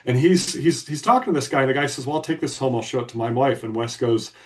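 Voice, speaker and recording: A man's voice: mid-range voice, fast talker, few pauses, a little mellow, far from the mic. A man co-hosting a podcast, telling a story in a blunt, emphatic way. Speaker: podcast co-host. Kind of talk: casual storytelling.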